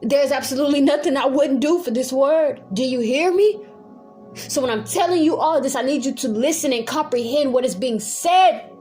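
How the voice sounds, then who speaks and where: A woman Bible teacher, preaching a fiery home sermon that moves from calm talk to yelling with zeal. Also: high voice, normal speed, faint music behind. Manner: zealous, swings from calm to yelling.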